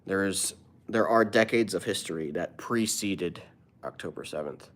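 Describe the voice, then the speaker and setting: A man's voice: sits low, normal speed, fairly bright tone. A man who is a comedian, live streaming and answering his viewers' chat in an earnest, opinionated way.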